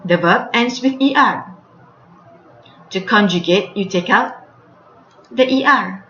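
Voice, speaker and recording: Slow woman teaching French. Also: medium pitch, a bit bright, slight background noise. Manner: spells words letter by letter, repeats each example. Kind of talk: slow spelled-out language lesson. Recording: lo-fi, echoey room.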